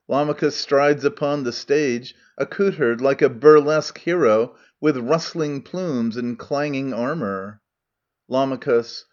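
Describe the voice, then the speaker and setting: A man's voice: medium pitch, unhurried, highs cut off. A man narrating an audiobook of a play, reading speaker names and stage directions plainly. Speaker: audiobook reader.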